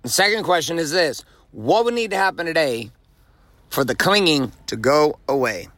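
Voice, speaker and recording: A man talks straight to his listeners from the driver's seat of a moving car, with the hum of the road behind him. His voice sits fairly high and rings bright and forceful. He is blunt and emphatic, swears freely, and hammers his points home by repeating them. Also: lively intonation, moderate pace, no echo. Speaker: podcast host. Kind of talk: profane motivational monologue. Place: in his car while driving. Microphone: recorded while driving.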